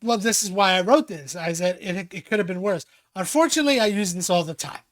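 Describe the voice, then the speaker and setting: On a casual podcast, a male co-host with a high voice talks at a quick pace, animatedly spinning stories, performing the quotes himself, and breaking into frequent laughter.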